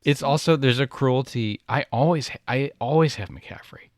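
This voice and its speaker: A man's voice: mid-range voice, moderate pace, no room sound, studio quality. A man co-hosting a casual sports podcast, making wry, teasing remarks and telling a joke. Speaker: podcast co-host. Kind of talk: casual chat.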